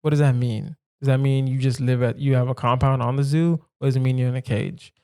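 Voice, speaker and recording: A man's voice: medium pitch, fairly even intonation, a little fast, warm tone, smooth. A man hosting a solo comedy podcast, rambling playfully through silly questions he asks himself. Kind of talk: casual solo podcast musing.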